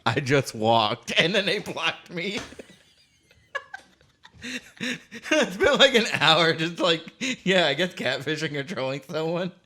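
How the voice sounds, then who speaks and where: A man hosting a casual chat while playing a video game, relaxed and self-amused. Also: on the high side, slow, long pauses, a little hiss or hum. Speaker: host.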